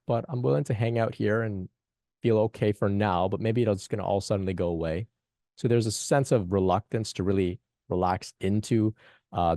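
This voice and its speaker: Man host, low mellow voice, dry close sound, halting reflective talk for a spiritual group call, repeats himself. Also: gravelly, no room sound. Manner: halting, repeats phrases, asks "right?".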